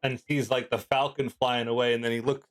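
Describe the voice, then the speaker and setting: A man running a tabletop game as game master, narrating in a loose, halting way with many fillers. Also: mid-range voice, little pitch movement, soft background music.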